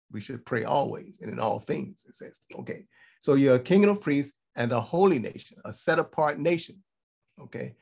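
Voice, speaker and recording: A man delivers a Bible teaching sermon in a gravelly voice. His tone is husky rather than clear, and his pitch sits in a middle range. He drives each point home by repeating it and asking "okay?" as he goes. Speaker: teacher of a congregation.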